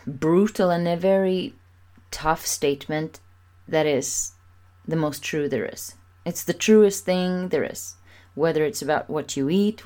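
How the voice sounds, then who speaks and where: A woman's voice: on the low side, warm tone. A woman speaking candidly to camera in a personal vlog, talking with emphatic repetition. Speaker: vlogger.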